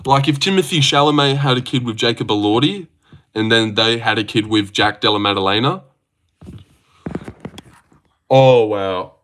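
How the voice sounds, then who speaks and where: A man's voice: mid-range voice, normal speed, long pauses, fairly bright tone, slight background noise. A young man hosting a casual livestream, reading viewer comments aloud and bantering back in a joking way. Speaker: livestream host. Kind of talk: casual live-stream chat.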